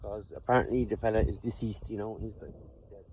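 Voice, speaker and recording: A man's voice: on the low side, steady tone, brisk, a little hiss or hum. An Irish man speaking straight to his phone outdoors, thinking aloud in a loose, unscripted monologue. He stumbles, repeats himself and restarts his phrases as he goes. The sound is thin and tinny, like a phone line. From Ireland. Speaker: vlogger. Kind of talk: off-the-cuff personal monologue.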